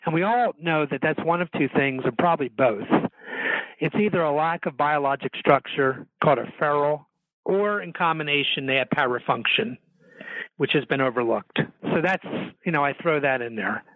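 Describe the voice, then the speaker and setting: Earnest dentist on a tinny phone line. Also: male voice, on the high side, moderate pace, dry recording. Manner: earnest, explains with examples, acts out lines to patients. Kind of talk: casual talk to fellow dentists.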